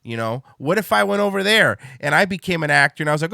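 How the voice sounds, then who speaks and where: A man's voice: on the high side, expressive, fast talker, gravelly, sharp tone, no room sound, clean studio sound. A middle-aged man from Miami hosting a casual podcast, blunt and crude, rambling with restarts. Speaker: host.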